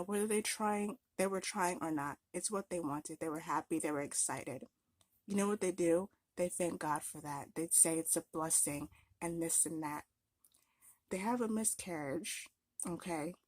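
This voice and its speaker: A woman's voice: on the low side, husky, dry recording, studio quality. A young woman vlogger ranting in an exasperated, sarcastic, emphatic way. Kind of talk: ranting commentary vlog.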